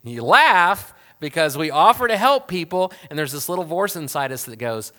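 A man with a bright, somewhat high voice preaches a sermon in a conversational way. He peppers the talk with rhetorical questions. He jumps to loud emphasis, then falls to quiet, hushed asides. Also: wildly swooping pitch, a little slow. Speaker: pastor.

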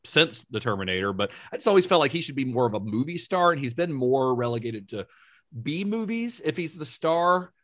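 A man co-hosting a casual film podcast, relaxed and laughing often as he recounts trivia he researched. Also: mid-range voice, a little fast. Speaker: podcast co-host.

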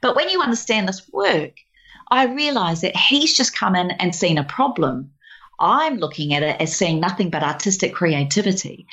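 A woman tells personal stories as a guest, animated and expressive. Her voice sits low for a woman. The recording is slightly dull and lo-fi. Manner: animated, expressive storyteller who slips into voices. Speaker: guest speaker. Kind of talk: casual conversational storytelling.

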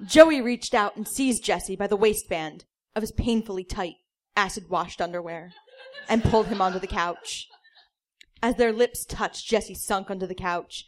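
A woman comedian reads a story aloud in a dry, deadpan way, with a middle-pitched voice. She sometimes breaks into laughter at her own lines. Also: normal speed. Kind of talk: comic reading of a story.

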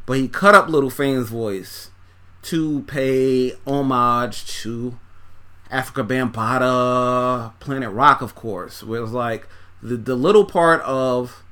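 A man's voice: mid-range voice, slow, sharp tone. A man casually reviewing an album track by track, loose and profane, with lots of fillers, talking while he folds laundry. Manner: talks while folding laundry. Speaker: music reviewer.

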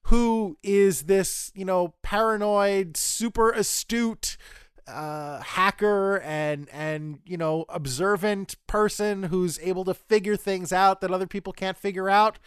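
A man with a high, smooth and clear voice recaps an episode for his podcast. He sounds opinionated and critical, and he strings his retelling out in long, winding sentences. The recording is dry and close, with no room sound. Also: steady tone, slow, no room sound. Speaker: podcast co-host.

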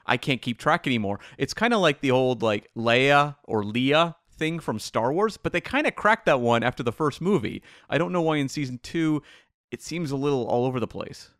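Male co-host, mid pitch, smooth and easygoing, dry close sound. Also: animated, a little fast, no room sound. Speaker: podcast co-host. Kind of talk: casual podcast chat.

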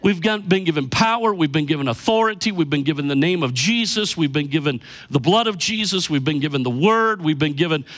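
Pastor, middle-aged man, high-pitched, emphatic sermon delivery. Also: expressive, fairly bright tone. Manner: emphatic preaching, slows down for key lines.

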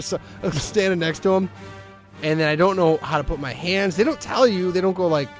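A man hosting a podcast, telling a long story in a casual, animated way and often breaking into laughter. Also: high voice, brisk, soft background music. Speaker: podcast host.

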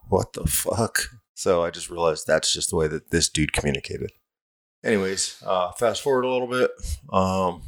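In a casual interview, this middle-aged Southern California fire captain recounts his story bluntly, with profanity and self-mockery. His voice is deep and fairly bright, with vocal fry.

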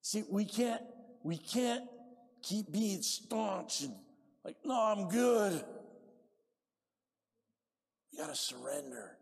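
High-voiced preacher man in a hall. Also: slow, creaky, husky. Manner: lively, calls for amens, swings from quiet to loud. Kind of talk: sermon.

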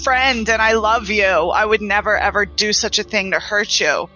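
A woman's voice: medium pitch, normal speed, pushed and bright, muffled recording, faint music behind. A woman playing a worried friend in a tabletop role-play, pleading and reassuring. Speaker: player.

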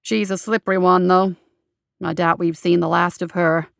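Woman putting on a rough-edged loyal male sidekick, slangy and eager, audiobook voice, dry close sound. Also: fairly low pitch, steady tone, moderate pace, dry recording, pitched below the performer's own voice.

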